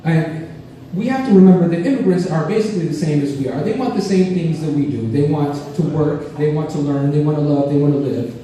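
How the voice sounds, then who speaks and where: A man's voice: a little high, a little fast, mellow, distant mic. A man doing a rambling, self-mocking stand-up routine, heard from afar in an echoey club. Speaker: stand-up comedian.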